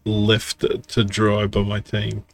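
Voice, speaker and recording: A man's voice: on the low side, monotone, slow pace. A man co-hosting a casual gaming podcast, giving frank, opinionated takes. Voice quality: gravelly, husky. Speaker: podcast co-host.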